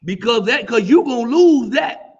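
A man talking through scripture in an easygoing back-and-forth, often answering with quick affirmations. He speaks in a fairly high voice. The stream audio is dull and lo-fi. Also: lively intonation, crowd noise. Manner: frequent affirmations, yes sir, mm-hmm. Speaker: co-host in a Bible discussion broadcast. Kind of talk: casual Bible discussion.

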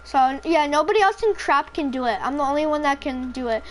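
A woman's voice: sits high, expressive, brisk, background noise. A woman casually commentating her own gameplay, rambling, swearing freely and joking about how tired she is. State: tired, throat feels off.

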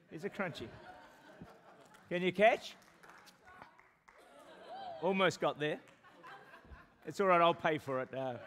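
A man with a New Zealand accent preaching a sermon to a congregation, animated, joking and laughing between points, and slowing right down to pray. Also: sits high. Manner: pleading slowly when quoting prayers. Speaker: pastor. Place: church service with a congregation.

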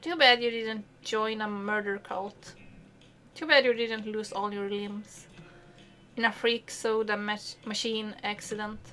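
A woman voicing an excitable young male fox who teases his old friend, read in a deadpan way from a cartoonish game. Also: medium pitch, a little slow, a little hiss or hum. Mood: teasing.

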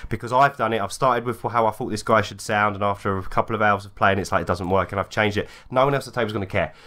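A man's voice: fairly low pitch, fast talker, bright, forceful tone. A man co-hosting a podcast in a casual, agreeable, chatty way. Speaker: podcast co-host. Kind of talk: casual chat.

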